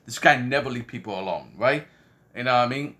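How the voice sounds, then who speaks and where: A man's voice: medium pitch, brisk, sharp tone. A man telling a rambling anecdote in casual speech, repeating "you know what I mean" and acting out other people's lines. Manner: acts out quoted voices. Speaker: storyteller.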